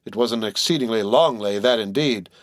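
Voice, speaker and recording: A man narrating a classic novel aloud in a measured, wry storytelling manner. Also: lowish voice, dry recording, clean studio sound. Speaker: audiobook narrator. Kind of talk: literary audiobook narration.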